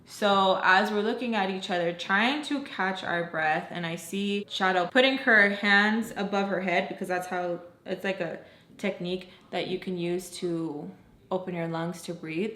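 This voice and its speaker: A woman's voice: medium pitch, measured pace. Woman telling a storytime in a roomy room. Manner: animated, heavy filler "like", swears; talks while doing her makeup. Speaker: vlogger. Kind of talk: storytime vlog.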